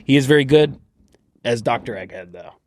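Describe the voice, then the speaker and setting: A man's voice: medium pitch, expressive, normal speed. A man co-hosting a casual podcast, making wry, teasing remarks. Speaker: podcast co-host.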